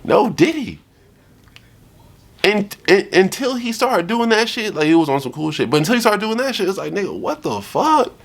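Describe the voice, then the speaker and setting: Man, ranting, profane, emphatic, lively swinging pitch. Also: normal speed, vocal fry. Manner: animated, emphatic, swearing. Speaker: streamer reacting to a clip. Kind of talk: profane heated rant.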